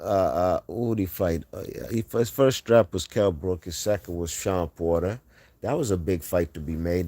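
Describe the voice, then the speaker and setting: A man's voice: sits low, a little mellow, no room sound. A man hosting a casual boxing livestream, reading chat aloud and talking trash.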